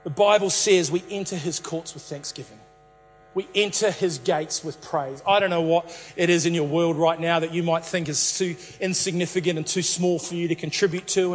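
A man's voice: fairly high pitch, steady tone, moderate pace, long reverb tail. A man preaching a sermon as a pastor, telling a Bible story playfully and returning to the same catchphrases again and again.

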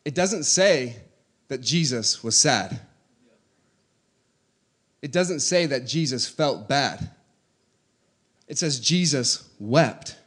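A man preaching a sermon, moving between quiet conversational teaching and loud, rising exhortation. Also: medium pitch, expressive, slow, long pauses.

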